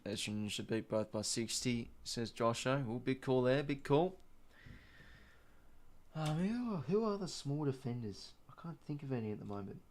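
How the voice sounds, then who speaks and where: A man's voice: medium pitch, expressive, moderate pace. A young man with an Australian accent hosts a casual live stream in an everyday mid-range voice. He chats loosely with viewers and half-mutters to himself as he thinks, and typing on a keyboard is heard behind him. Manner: chatty, muttering to himself while doing a quiz, greeting chat viewers. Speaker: streamer hosting a live watch-along.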